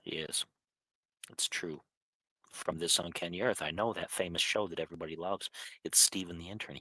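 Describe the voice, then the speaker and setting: A man's voice: deep voice, bright, forceful tone, no echo. A man hosting a casual live question stream from home, chatting and talking to his cat. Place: home, on a couch.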